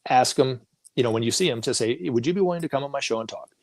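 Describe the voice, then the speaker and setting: A man's voice: medium pitch, fast talker, slight background noise. A man talking as a guest on a talk show, telling stories casually and acting out the voices of the people in them, laughing often.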